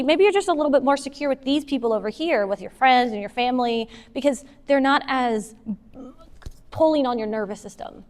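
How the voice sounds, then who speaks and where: A woman giving a casual, animated talk to a moms' group, taking audience questions and acting out what partners say. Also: on the high side. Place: meeting hall with an audience. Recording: long hall reverb.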